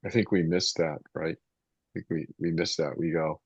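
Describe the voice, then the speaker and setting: A deep-voiced man leads a small Bible study group in a loose, rambling way, often circling back and reading passages aloud. His voice is low and husky. The sound is dry and muffled, like a dull lo-fi recording. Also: steady tone, moderate pace, no echo. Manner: conversational and rambling, with restarts and reading scripture aloud.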